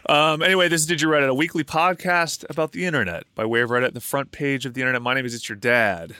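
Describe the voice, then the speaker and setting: A man with a bright, forward voice hosts a casual podcast. He rambles through jokes and curses freely. His pitch sits in the middle. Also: fast, clean tone, no echo, studio quality. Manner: rambling, joking, swearing. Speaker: podcast host.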